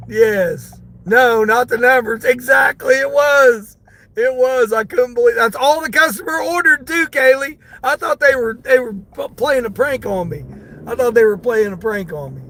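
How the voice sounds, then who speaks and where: A man's voice: extremely high pitch, unhurried, sharp tone. A middle-aged man, a delivery driver, telling a story to his viewers from his car, laughing often and talking to them by name. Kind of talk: casual storytelling while driving.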